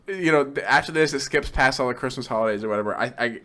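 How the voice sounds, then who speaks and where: Young guy podcast cohost, bright tense voice, swears a lot, gets hyped retelling scenes. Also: medium pitch, quick pace, few pauses. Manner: excitable, profane, laughs while retelling scenes. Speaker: podcast co-host. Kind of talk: casual film review chat.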